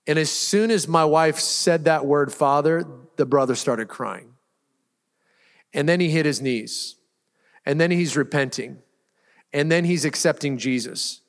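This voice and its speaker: Casting note: male pastor, slightly high voice, loose and chatty delivery, long church reverb. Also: a little slow. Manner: casual, storytelling, restarts often. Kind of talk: sermon. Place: church sanctuary.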